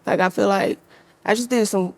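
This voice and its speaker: A woman's voice: medium pitch, normal speed, dry recording. Brief: young woman, loose slangy interview talk, close dry mic. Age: young adult. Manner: relaxed, slangy, laughs often. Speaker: rapper, interview guest. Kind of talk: casual interview.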